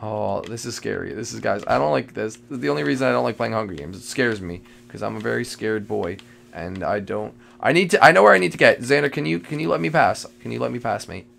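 A man giving live commentary while playing a multiplayer game, jittery and excitable, repeating phrases and breaking into sudden loud outbursts. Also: on the low side, a little fast, vocal fry. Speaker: gamer playing a multiplayer survival match.

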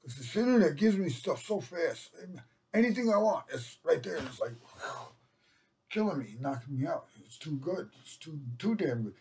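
A man's voice: a little high, sing-song, normal speed, a little mellow, slight background noise, poor audio. An older man rambling to a webcam, swearing and mocking himself. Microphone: webcam mic.

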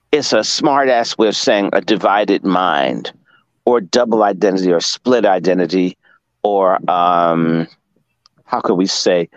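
Low-pitched man lecturing in a slow, profane, emphatic way, dry close sound; guest commentator on a livestream. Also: no echo, low-quality recording. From Washington, D.C. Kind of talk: casual livestream talk.

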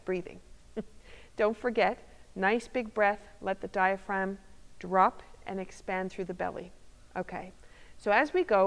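Calm female movement instructor, mid-range voice, demonstrating as she explains; recorded with a lingering hall echo. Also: medium pitch. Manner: calm, step-by-step demonstrating while speaking. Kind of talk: guided exercise instruction. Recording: long reverb of a hall.

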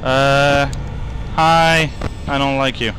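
A man's voice: mid-range voice, fairly even intonation, extremely slow, background noise. A young man, casually narrating a horror game in a jittery, sweary way and talking to its characters. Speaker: gaming YouTuber. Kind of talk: casual let's-play commentary. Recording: game music behind the voice.

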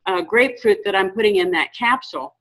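Woman, audience member, earnest, halting, middle pitch. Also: a bit bright, low-quality recording. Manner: earnest, halting, restarts often. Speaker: workshop attendee. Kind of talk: sharing a personal story.

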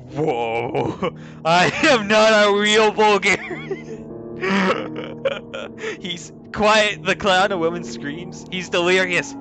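A man playing a text adventure game, reading the story aloud and laughing and swearing at it in casual commentary. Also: fairly high pitch. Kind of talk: casual let's play commentary. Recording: clear background music.

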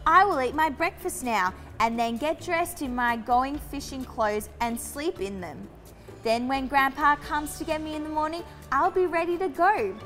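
An eager little girl from a bedtime storybook, as a woman reads her lines. She sounds earnest and keen, with a high voice. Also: moderate pace, fairly bright tone, faint music behind.

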